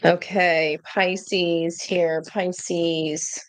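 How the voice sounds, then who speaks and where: A woman giving a casual tarot reading to her viewers, chatty and excitable, breaking into gushing exclamations. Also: on the low side, extremely slow, dry recording. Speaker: tarot reader.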